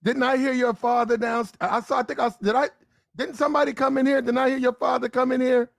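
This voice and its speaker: A suspicious, flustered mother, as a man puts her on with a lifted, dry-sounding voice, stumbling through one rushed question after another. Her pitch sits well above his usual talk. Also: steady tone, gravelly, dry recording. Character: anxious questioning mother, woman.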